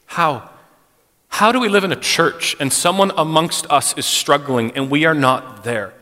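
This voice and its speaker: A middle-aged man speaks to a church congregation in a frank, conversational way, leaning on casual "like"s. His voice is bright and forceful. It carries a long reverb from the hall around him. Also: fairly high pitch, measured pace. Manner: conversational, frank, personal, uses "like" often. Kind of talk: candid church talk on mental health. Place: church sanctuary.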